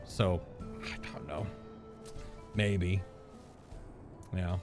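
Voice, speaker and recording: A man's voice: low voice, extremely slow, music in the background. A man streaming a video game, giving a casual, rambling reaction commentary as he plays and laughing often.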